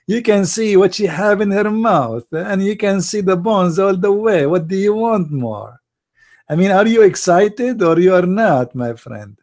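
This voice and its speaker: A man, hosting a mocking commentary on pictures he shows, sarcastic and laughing with mock excitement. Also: sits high, unhurried. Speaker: channel host.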